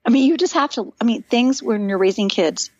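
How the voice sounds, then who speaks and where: A woman's voice: on the high side, expressive, a little fast, husky, no echo, lo-fi sound. A woman in her fifties, a guest author, telling stories animatedly in a casual podcast conversation and acting out the voices she quotes.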